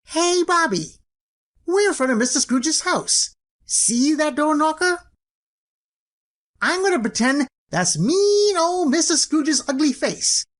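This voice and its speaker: A woman voicing a playful, boastful young boy in an animated film. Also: sits high, slow. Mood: mischievous. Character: mischievous young boy throwing snowballs.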